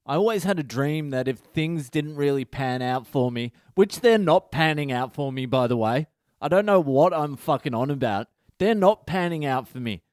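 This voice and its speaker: A man's voice: medium pitch, darkish tone, clear, resonant tone, no room sound, clean studio sound. A middle-aged man, hosting a comic podcast and telling a story in a brash, swear-heavy monologue. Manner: swears constantly, brash and exaggerated. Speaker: comedian podcast host.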